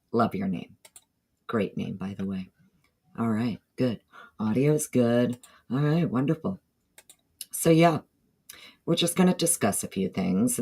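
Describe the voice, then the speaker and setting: Chatty woman with a Southern drawl. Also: extremely low pitch. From northeastern United States. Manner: chatty, greets chat members by name between thoughts. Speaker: livestream host. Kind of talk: casual livestream chat.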